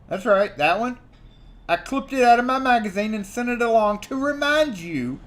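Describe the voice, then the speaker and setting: A man's voice: very high voice, fairly bright tone, pitched above the performer's own voice, exaggerated voice. A man reading a formal complaint letter aloud in the voice of an indignant sales manager. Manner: pompous, over-enunciated letter reading.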